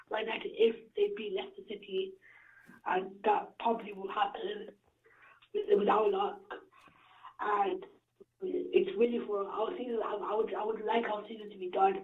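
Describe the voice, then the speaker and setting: A male caller, congested and hesitant, stammering through his answers. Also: sits high. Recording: distant, echoey, muffled phone line.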